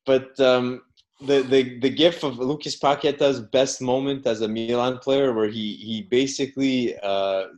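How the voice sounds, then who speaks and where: A man's voice: medium pitch, steady tone, a little slow, darkish tone. A man co-hosting a football podcast, talking casually with lots of fillers, repeats and the odd swear. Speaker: podcast co-host. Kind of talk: casual chat.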